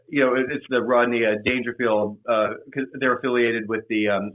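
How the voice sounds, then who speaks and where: A man chatting as a podcast guest, rambling with lots of restarts and fillers. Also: medium pitch. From Los Angeles. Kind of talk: casual chat. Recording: tinny phone-like line.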